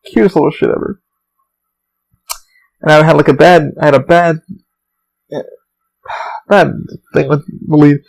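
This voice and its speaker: Gravelly, profane man rambling casually. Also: fairly high pitch, fairly even intonation, measured pace, long pauses, rough recording. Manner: profane, storytelling, rambling with restarts. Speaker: podcast host; theme park employee.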